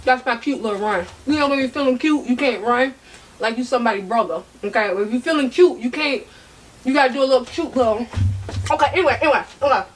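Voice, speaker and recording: A woman's voice: fairly high pitch, fast, soft background music. A woman vlogging about handbags in a sassy, chatty way, talking straight to her viewers while she eats. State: eating while talking, mouth sometimes full. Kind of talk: casual chat to camera.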